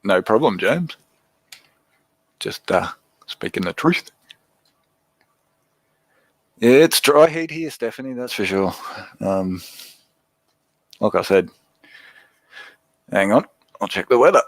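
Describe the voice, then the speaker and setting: A man's voice: fairly low pitch, expressive, slow pace, long pauses, dry recording, rough recording. A man with an Australian accent hosting a casual livestream, chatting easily and answering viewer comments as he goes. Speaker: livestream host.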